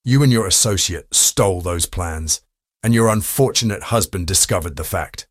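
A man's voice: low-pitched, moderate pace, dry recording, clean studio sound. A man reading an audiobook, voicing a cool, wry private detective who speaks in a clipped, confident way.

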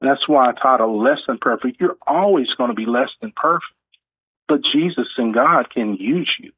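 In a conversational interview heard over tinny phone-line audio, a male author speaks earnestly and tells stories, acting out quotes along the way. He has a medium-pitched, slightly rough voice at a normal speed, and the recording is dry.

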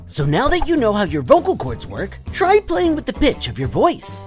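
A woman's voice: on the high side, wildly swooping pitch, normal speed, faint music behind. A woman hosting a children's educational show, giving an upbeat, playful scripted explanation. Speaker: host of a kids' explainer show.

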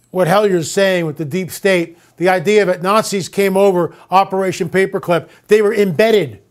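A man with a high-pitched voice hosts a talk monologue. He tells stories to his listeners in a loose, conversational way and calls them folks.

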